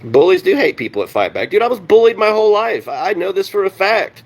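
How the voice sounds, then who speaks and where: A man's voice: high-pitched, very animated, fast, gravelly. Swearing, heated ranting streamer man. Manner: heated, sarcastic, swears constantly. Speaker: live streamer reading chat. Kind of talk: profane live-stream rant.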